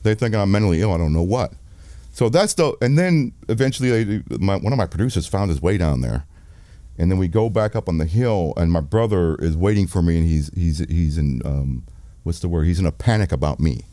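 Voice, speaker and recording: Brief: man, 50s, director guest, low mellow voice, dry close sound, profane and animated storyteller. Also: brisk, dry recording. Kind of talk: candid storytelling interview.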